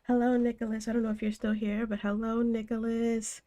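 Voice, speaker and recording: A woman's voice: fairly high pitch, level tone, brisk. Congested woman chatting on a game stream. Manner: gentle, greets viewers by name. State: congested from a cold. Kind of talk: casual stream chat.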